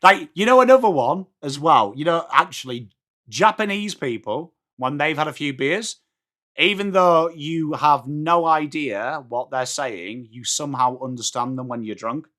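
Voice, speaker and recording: A man's voice: on the high side, lively intonation, a little slow, fairly bright tone. An English man hosting a live match watchalong, chatting casually and answering viewer comments while calling the play. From England. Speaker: watchalong host. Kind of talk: live stream chat.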